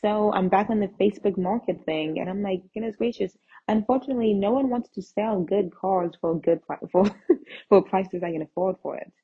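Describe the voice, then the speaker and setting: A young woman hosting a podcast, telling a casual story in an animated way and acting out the dialogue, on a dull lo-fi recording. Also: medium pitch, a little fast, slightly rough. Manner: animated, acts out quoted texts and dialogue. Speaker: podcast host.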